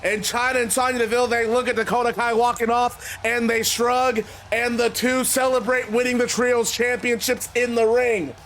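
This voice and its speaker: High-voiced man shouting play-by-play. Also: little pitch movement, normal speed, slight background noise. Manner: shouts at big moments, casual and profane. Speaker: gamer commentating his own matches. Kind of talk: excited play-by-play game commentary.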